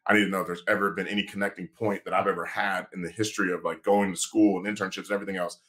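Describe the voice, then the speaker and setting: A man, a sports agent and lawyer, telling a story on a podcast in a casual, animated way and acting out the quoted dialogue. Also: low-pitched, racing.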